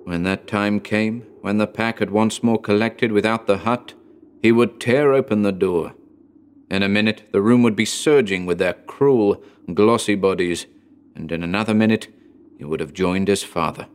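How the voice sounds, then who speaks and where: Low-voiced man narrating a horror tale. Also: clean tone. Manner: measured, deliberate reading. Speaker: podcast host and narrator. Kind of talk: scripted horror story narration.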